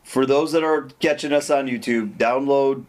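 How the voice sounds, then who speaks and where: A man in a mid-range voice hosts a relaxed podcast, steering the chat with quick prompts and dry teasing remarks. His lines are short, nudging the stories along. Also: medium pitch. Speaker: podcast host.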